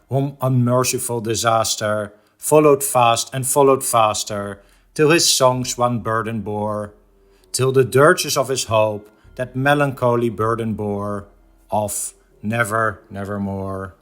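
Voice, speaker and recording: A male lecturer whose voice sits in an ordinary middle range. He recites verse with slow, measured drama, then shifts into a clear, teacherly explanation. His delivery stays deliberate and composed throughout. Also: medium pitch, fairly bright tone. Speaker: art lecturer.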